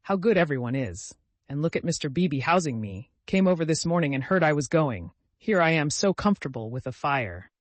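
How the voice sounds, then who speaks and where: A man reading the lines of a gentle, earnest old man in grief. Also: on the high side, big pitch swings, fairly quick, no room sound. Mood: grateful.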